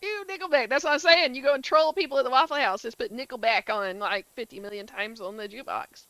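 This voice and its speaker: A gaming streamer from the southern United States chats casually while playing, answering her chat fast and filling her talk with "like." Her slightly high voice sounds bright and forceful, and the poor-quality audio is dry and close with no echo.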